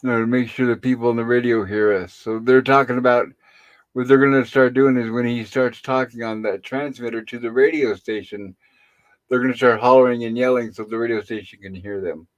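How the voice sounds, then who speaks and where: A middle-aged man hosting a casual live stream, retelling a TV episode in a rambling way with pauses and fillers. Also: mid-range voice, steady tone, highs cut off. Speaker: host.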